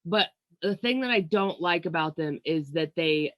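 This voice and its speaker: A woman's voice: fairly low pitch, expressive, moderate pace, no echo. A young woman co-hosting a podcast, chatting casually about astrology, laid-back, swearing and laughing freely. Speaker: podcast co-host.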